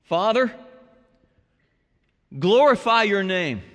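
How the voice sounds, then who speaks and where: Male pastor mid-sermon, expressive high voice with long church-hall reverb. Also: slow. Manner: dramatic preaching, dropping to hushed tones and rising to shouts.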